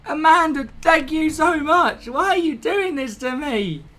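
A live streamer, chatting casually, excitable and flustered, laughing often. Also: high-pitched, a little slow.

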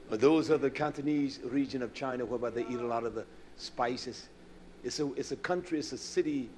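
A man in his fifties preaching a sermon, swinging between loud outbursts and quiet low asides. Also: slight background noise. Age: 50s. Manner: impassioned, swinging from shouts to low murmurs.

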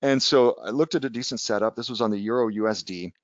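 A man with a fairly low pitch talks quickly, the audio dull and free of room sound. He's a trading educator giving a casual webinar lecture, conversational in style, sharing anecdotes and tagging his points with "right?"

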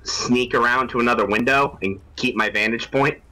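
A man speaks as a player in a tabletop game, at an ordinary pitch with a bright, forceful edge. He lays out his character's actions in a plain, matter-of-fact way. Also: normal speed, poor audio. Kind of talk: casual tabletop play.

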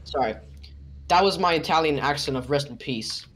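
A woman playing a game with a friend, laid-back and playful with deadpan asides. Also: sits low, normal speed, slight background noise. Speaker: gamer. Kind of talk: casual game commentary.

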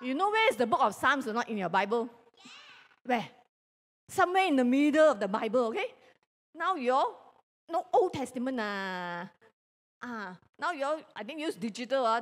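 A woman with a Malaysian English accent teaching a children's Bible lesson in a church hall, lively and coaxing, teasing the children along. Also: high voice, slight background noise. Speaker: Sunday school teacher. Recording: long reverb hall.

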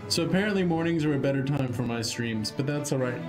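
A man chatting casually to himself while streaming a game, with relaxed muttered asides. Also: mid-range voice, quick pace, over music. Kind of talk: casual gameplay commentary.

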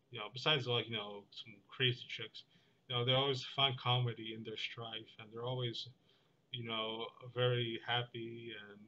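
Rambling young man, bright lo-fi voice. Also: medium pitch, slight background noise. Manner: meandering, full of fillers and restarts, deadpan. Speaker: vlogger. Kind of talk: rambling monologue.

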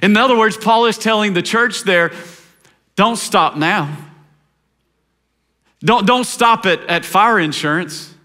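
A pastor from Tennessee, preaching a sermon with passion, swinging from shouted climaxes to low, quiet appeals. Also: male voice, slow, long pauses. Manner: impassioned preaching, rising to shouts and dropping low.

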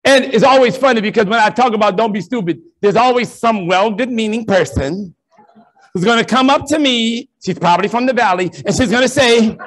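High-voiced animated priest preaching. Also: male voice, a little fast. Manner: animated, preacherly storytelling with acted-out quotes. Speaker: priest and keynote speaker. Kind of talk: storytelling conference keynote. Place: large conference ballroom.

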